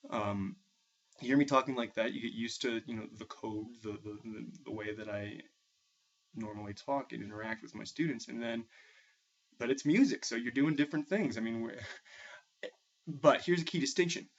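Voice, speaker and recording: A man's voice: medium pitch, normal speed. A young man from Massachusetts with a New England accent, a music teacher thinking aloud in a hesitant, reflective way with many restarts. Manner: thoughtful, hesitant, with frequent restarts. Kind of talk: casual spoken reflection. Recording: dull lo-fi recording.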